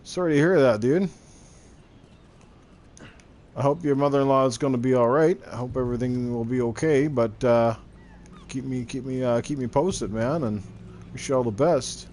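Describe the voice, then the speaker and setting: A man's voice: mid-range voice, moderate pace, long pauses, darkish tone, a little hiss or hum. A middle-aged man chatting casually while streaming a game, rambling and swearing freely. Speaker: gaming streamer. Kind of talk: casual chat while gaming.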